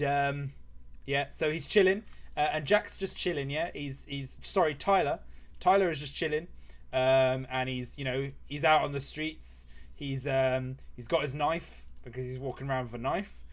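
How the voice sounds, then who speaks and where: A man's voice: medium pitch, fairly even intonation, moderate pace. A man telling a comic story on a live stream while drawing, rambling with many fillers and swearing.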